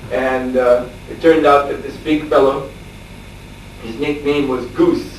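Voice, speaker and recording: A man's voice: mid-range voice, fairly even intonation, takes it slowly. Echoey male monk telling a story. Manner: storytelling with chuckles and frequent fillers. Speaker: monk lecturer. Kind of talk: anecdotal scripture class. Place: lecture room at a farmstead. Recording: echoey room, distant mic, faint hiss.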